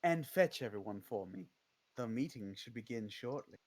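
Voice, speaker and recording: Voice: mid-range voice, animated, normal speed, darkish tone, voice pushed down, lightly acted. A game master voicing a villainous female eldritch empress who calls everyone darling, in a silky, condescending manner during a tabletop game. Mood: scheming. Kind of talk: tabletop role-play voicing.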